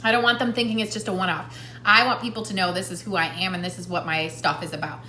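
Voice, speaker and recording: A woman's voice: on the low side, steady tone, quick pace, bright, forceful tone, reverberant, a little hiss or hum. A woman hosting a live stream with casual tips, chatty and laughing often, talking while she eats.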